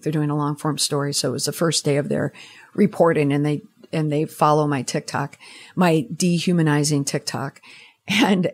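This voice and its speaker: A woman's voice: low voice, slightly rough. A woman hosting a solo podcast, reading out listener messages and answering them with sarcastic, exasperated commentary. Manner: animated, swooping delivery. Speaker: podcast host.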